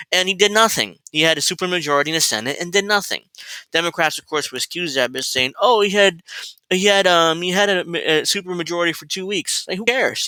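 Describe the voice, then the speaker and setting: A man's voice: a little high, bright, forceful tone, no echo, poor audio. A man delivering a heated, profane political rant as a commentator, repeating himself as he vents.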